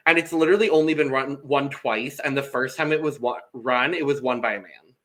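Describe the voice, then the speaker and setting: A man co-hosting a casual reality TV recap podcast, animated and dramatic, often laughing. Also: mid-range voice, a little fast. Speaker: podcast co-host.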